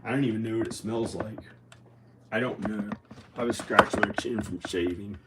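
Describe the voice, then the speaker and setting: A man vlogging in a rambling, halting way, full of restarts, sounding tired and short on sleep. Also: lowish voice, reverberant, distant mic, heavy background noise. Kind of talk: rambling casual monologue to camera.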